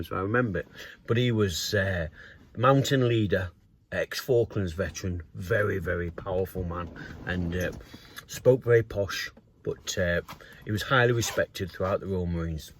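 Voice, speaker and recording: Animated man telling a story. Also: lowish voice. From North East England. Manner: animated anecdote with acted quotes and laughs. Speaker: grass cutting business owner and vlogger. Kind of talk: casual storytelling.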